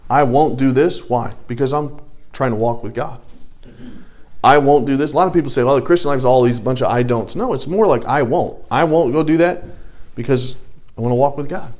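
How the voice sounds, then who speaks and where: A middle-aged man teaching an adult Bible study, earnest, swinging between loud urging and hushed prayerful tones. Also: mid-range voice, fairly quick.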